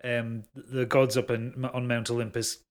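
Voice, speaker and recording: A man hosts a casual podcast chat. He explains things in a steady voice, pausing on fillers as he works through each point. His pitch sits right in the middle. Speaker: podcast host.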